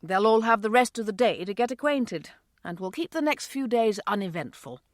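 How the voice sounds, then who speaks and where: A woman voicing a steady, kind husband and father who speaks calmly and reassuringly. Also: mid-range voice, moderate pace, dry recording, clean studio sound, natural voice.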